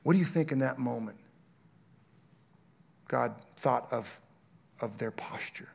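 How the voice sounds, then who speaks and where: Gravelly-voiced man preaching with rising passion. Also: mid-range voice, a little slow. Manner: storytelling, rises to loud impassioned preaching. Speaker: pastor. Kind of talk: sermon.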